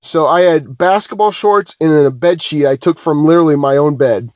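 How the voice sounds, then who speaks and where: Casual podcast guy, kinda high voice, rambly and self-deprecating, dry dull audio. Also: brisk, dry recording. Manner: animated, self-deprecating, many restarts. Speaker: podcast co-host. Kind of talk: casual chat, rambling storytelling.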